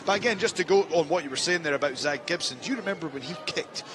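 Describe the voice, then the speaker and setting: A man's voice: fairly high pitch, lively intonation, fast talker. A man giving live color commentary at a wrestling show, bantering in a playful, teasing way. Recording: noisy arena.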